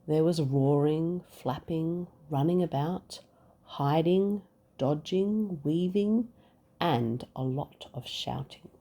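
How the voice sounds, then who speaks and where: A woman, a mother reading a picture book aloud to her children, expressive and acting out the sound effects. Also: low-pitched, slow pace. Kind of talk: bedtime story reading.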